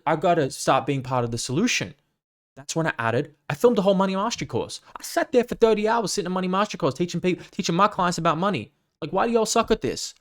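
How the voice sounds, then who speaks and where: Blunt, profane man ranting casually. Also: mid-range voice. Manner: blunt, profane, rambling and animated. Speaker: fitness coach and podcast host. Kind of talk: casual monologue.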